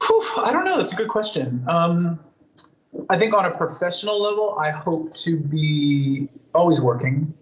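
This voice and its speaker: A man's voice: fairly high pitch, sing-song, normal speed, highs cut off. A man chats casually through fan questions, thoughtful and rambling, with lots of fillers and restarts. His voice bounces around an echoey room. A faint ambient hum sits underneath. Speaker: singer answering fan questions. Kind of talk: casual live Q&A. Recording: roomy echo, faint ambience.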